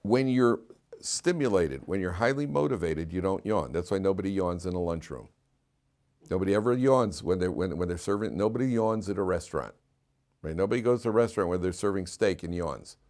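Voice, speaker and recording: A man's voice: low-pitched, a little fast. A middle-aged man, a rabbi, teaching a class, telling anecdotes with laughter and putting questions to the room. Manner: animated storyteller, laughs through anecdotes, asks the room questions. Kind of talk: storytelling Torah class. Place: classroom with listeners.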